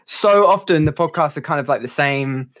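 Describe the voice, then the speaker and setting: A man's voice: a little high, animated, normal speed, fairly bright tone. A man guest on a podcast, talking casually in a rambling, hesitant way with many fillers. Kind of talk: casual chat.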